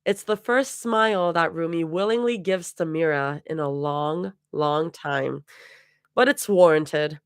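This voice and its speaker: A woman's voice: low-pitched, a little slow, smooth, no room sound. Woman reading fan fiction live, dry sound. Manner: laughs and stumbles over hard words.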